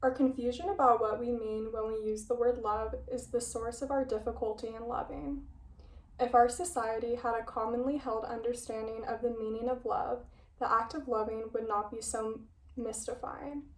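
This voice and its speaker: Young woman, video essayist, rather high voice, chatty and self-correcting, a bit breathless, roomy echo, somewhat off-mic. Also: fairly even intonation, normal speed, far from the mic. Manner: chatty, self-interrupting, playful asides. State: slightly out of breath. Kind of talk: casual video essay with read-aloud passages. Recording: echoey room, voice a bit off-mic.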